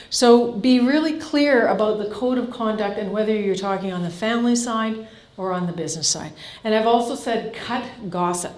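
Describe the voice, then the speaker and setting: A woman's voice: on the high side, a little mellow. Canadian woman coach talking straight to a crowd, pushy questions, echoey hall sound. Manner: blunt, direct, peppers audience with questions. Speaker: farm family coach. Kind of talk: live seminar presentation.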